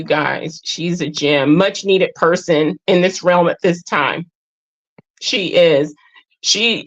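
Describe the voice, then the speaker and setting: Woman hosting a live chat, telling her own story, stops and restarts a lot, kinda muffled lo-fi sound. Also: medium pitch. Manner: halting, repeats and restarts phrases. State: tearful at times. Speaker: host. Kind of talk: emotional personal sharing in a live group talk.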